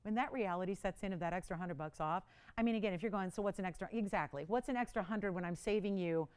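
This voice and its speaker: A woman hosting a live TV jewelry auction, chatty and pleading, quick to laugh. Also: mid-range voice, darkish tone, clear, resonant tone. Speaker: live shopping host. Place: TV studio.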